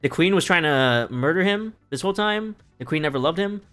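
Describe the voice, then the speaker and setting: A man's voice: fairly high pitch, expressive, fairly quick, a bit bright, smooth, faint music behind. A man recapping a play on a live stream in casual talk, rambling and profane and laughing often.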